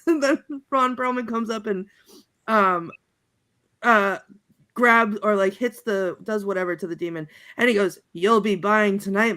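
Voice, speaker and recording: A woman on a panel chatting casually, laughing often and halting with many fillers. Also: a little high, bright, forceful tone. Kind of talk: casual chat, recounting movie quotes.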